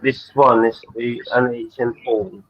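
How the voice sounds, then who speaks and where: A man's voice: mid-range voice, level tone, a little slow, muffled recording, slight background noise. A man on a video call, talking hesitantly with many fillers. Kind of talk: casual chat.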